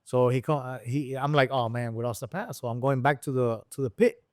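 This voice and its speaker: A man tells a story as a guest in a casual interview. His voice sits in a middle register and the sound is dry and close, with no room around it. He acts out the people he quotes by jumping up in pitch. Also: a little fast, no echo. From Puerto Rico. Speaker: guest, engine builder and shop owner.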